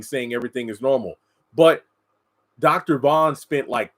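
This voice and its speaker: A man giving casual commentary on a TV episode, answering chat comments and mocking characters in high put-on voices. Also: rough recording. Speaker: TV show reviewer.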